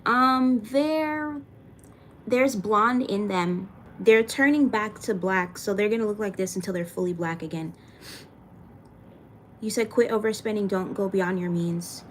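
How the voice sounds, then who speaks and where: A woman's voice: mid-range voice, slight background noise. A young woman from Florida chatting casually on a live stream, reading viewer comments aloud and venting frankly with plenty of swearing. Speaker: livestreamer answering chat.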